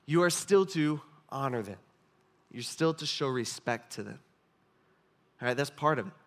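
A man's voice: medium pitch, animated, normal speed. A man preaching a sermon in a casual, conversational way, often checking in with the congregation. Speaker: pastor.

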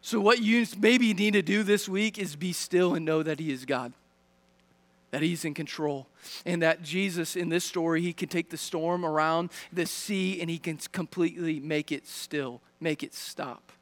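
A man's voice: a little high, moderate pace. A man preaching a sermon as a pastor, speaking directly to his congregation with searching questions and frequent restarts. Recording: long reverb of a large hall.

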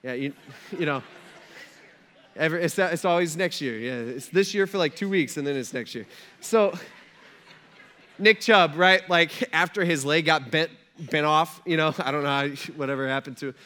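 Male pastor, animated joking sermon delivery, bright forceful tone. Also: fairly high pitch, moderate pace. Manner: animated, joking storytelling with asides to the congregation.

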